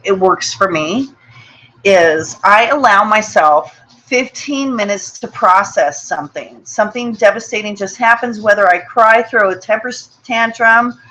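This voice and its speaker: Over poor audio, a webinar host with a mid-range, sharp-toned voice speaks unhurriedly. She runs a motivational session in an earnest, personal manner, repeating herself and often asking "okay?"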